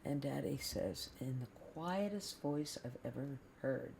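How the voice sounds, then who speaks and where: An older woman recounting a family memory, emotional and halting, acting out the voices. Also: very deep voice, expressive, vocal fry, darkish tone, a little hiss or hum. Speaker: storyteller being interviewed. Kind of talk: personal family story.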